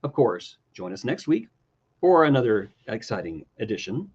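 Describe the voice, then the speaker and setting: A man's voice: on the low side, sing-song, moderate pace, darkish tone, slightly rough, highs cut off. A man co-hosting a casual podcast with jokey, self-mocking banter. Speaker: podcast co-host.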